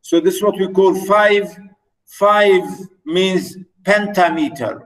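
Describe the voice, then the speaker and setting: A man gives a lecture over an online class in a fairly high voice. He speaks slowly and haltingly, with frequent fillers and repeated words. When he marks out the beats of a line he counts them deliberately, one by one. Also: poor audio. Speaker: university lecturer.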